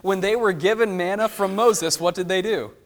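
A man leading a Bible study, explaining verses and asking the group questions in an animated way. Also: sits high, moderate pace. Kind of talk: teaching a Bible class.

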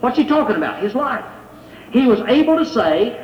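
A man's voice: very high-pitched, big pitch swings, moderate pace. A man preaching a sermon in a conversational way, asking his listeners rhetorical questions. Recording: echoey hall, dull lo-fi sound.

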